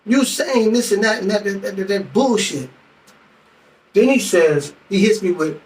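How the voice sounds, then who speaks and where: A man's voice: sits high, moderate pace, a little mellow, far from the mic, low-quality recording. A middle-aged man venting heatedly, telling a story with lots of profanity and acting out both sides of an argument. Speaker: vlogger. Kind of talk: venting monologue.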